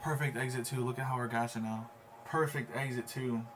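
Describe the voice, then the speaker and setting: A man streaming his live trades, excitable and openly emotional, swearing as he talks. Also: mid-range voice, brisk, noisy background. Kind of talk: excited live trading chat.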